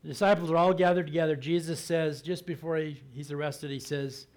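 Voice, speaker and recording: Man preaching in a relaxed storytelling way. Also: a little high. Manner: conversational storytelling, acting out quotes; slows down and drops to a soft, hushed voice for emphasis. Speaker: pastor. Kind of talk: sermon.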